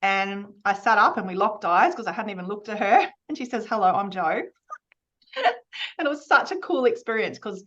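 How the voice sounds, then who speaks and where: A woman's voice: medium pitch, a bit bright, dull audio. A woman hosting a podcast, telling a personal story in an open, chatty way. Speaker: podcast host. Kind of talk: casual podcast intro.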